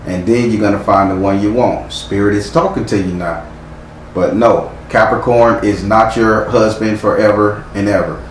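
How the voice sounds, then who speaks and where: A man's voice: on the low side, fairly even intonation, normal speed. A man giving a live tarot reading, speaking bluntly and sternly with frequent profanity. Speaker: tarot reader. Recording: echoey room with faint noise.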